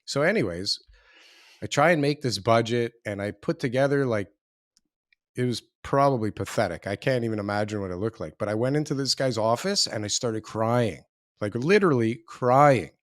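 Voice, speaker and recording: In a clean studio with no echo, a man in his forties, a real estate developer appearing as an interview guest, tells his story in a rambling, self-deprecating way, restarting often. His voice is medium-pitched, expressive and moderately paced.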